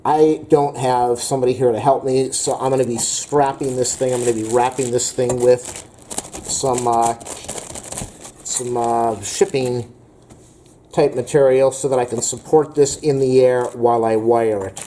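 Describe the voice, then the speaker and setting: A man's voice: mid-range voice, flat delivery, measured pace, mellow, slight background noise. A man hosting a home improvement how-to video, talking casually with frequent fillers and a rambling manner. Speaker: DIY video host.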